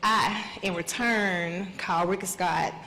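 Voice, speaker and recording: A middle-aged mother giving emotional testimony on a panel, speaking haltingly and repeating herself as she holds back tears. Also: lowish voice, steady tone, pushed and bright. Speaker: mother of an incarcerated son. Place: conference hall stage. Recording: echoey hall with faint hiss.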